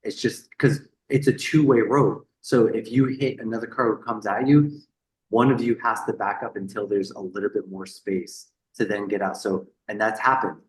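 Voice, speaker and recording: In an echoey room, a podcast guest with a lowish male voice recounts a story at normal speed in a casual interview. He's lively and profane, repeating words and voicing the people he quotes.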